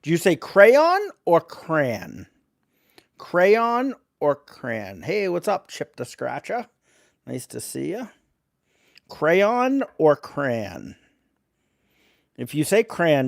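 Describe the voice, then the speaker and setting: A man's voice: medium pitch, measured pace, gravelly, darkish tone, dry recording, studio quality. A man hosting a casual live stream, reading letters aloud and greeting chat viewers.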